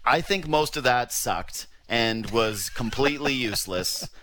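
A man's voice: mid-range voice, lively intonation, a little slow, bright, forceful tone, a little hiss or hum. A man hosting a sports radio podcast, talking casually and ranting in exasperation, with the odd swear.

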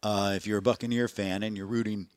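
A man co-hosting a casual sports podcast, relaxed and joking, quick to laugh. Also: on the low side, smooth, no echo. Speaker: podcast co-host.

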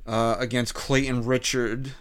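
A man's voice: medium pitch, flat delivery, measured pace, clean tone, no room sound. A man with a clean, resonant voice hosts a casual sports talk podcast. He chats with his co-hosts and runs through the games ahead. The sound is dry and close. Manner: runs the segments, reads the schedule. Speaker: podcast host.

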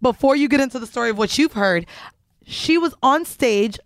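A woman's voice: on the high side, lively intonation, moderate pace, dry recording. Young woman co-host, blunt sidekick chiming in, dry studio sound. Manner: blunt, chiming in, crude humor. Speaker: podcast co-host. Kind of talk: casual chat.

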